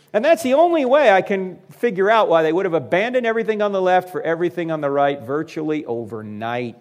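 With a high-pitched voice and a quick pace that leaves few pauses, a man in his fifties delivers a comedic talk to a live crowd. He speaks to the audience head-on, an animated storyteller who acts out the voices of those in his stories.

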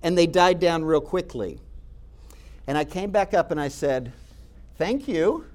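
A man recounting campus talks tells stories in an animated, conversational way, addressing his listeners directly and acting out the voices of the people he quotes. His voice is on the high side with a darkish tone, at normal speed.

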